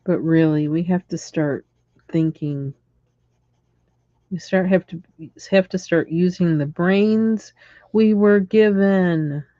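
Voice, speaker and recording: A coloring livestream host vents in a casual, exasperated rant, chuckling now and then. The voice is mellow and dark, recorded dry and close with a dull, lo-fi tone. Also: mid-range voice, slow pace, pauses often, no echo. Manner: exasperated ranting, chuckling between lines.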